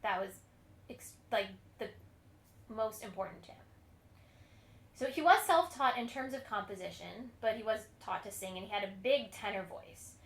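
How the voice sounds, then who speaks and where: Woman cantor, history lecture, chatty storyteller who laughs often; mid pitch, echoey room. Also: moderate pace, vocal fry. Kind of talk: online lecture on music history.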